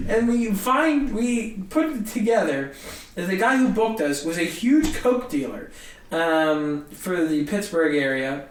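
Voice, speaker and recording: A young man, a guest comedian, telling a story in a casual, animated way and acting out the people in it. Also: high voice, unhurried, recorded from a distance. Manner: animated, acts out other people's voices. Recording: roomy echo, a bit off-mic, faint hiss.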